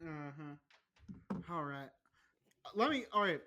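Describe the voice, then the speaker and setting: A young man hosting a casual podcast, talking in a profane, rambling and excitable way. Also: on the high side, slow pace. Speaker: podcast host.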